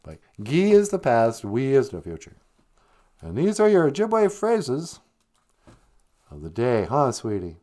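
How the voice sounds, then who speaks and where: A man's voice: wildly swooping pitch, measured pace, long pauses. Easygoing joking male radio host. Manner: easygoing, teasing, drops to low soft asides. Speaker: radio host teaching Ojibwe words. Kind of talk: joking morning radio chat.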